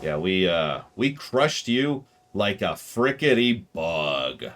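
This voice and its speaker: A man giving casual gameplay commentary on a stream, his voice rising and falling in a lively, animated way. He jokes a lot and sarcastically talks back to the game's characters. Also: sits low, takes it slowly.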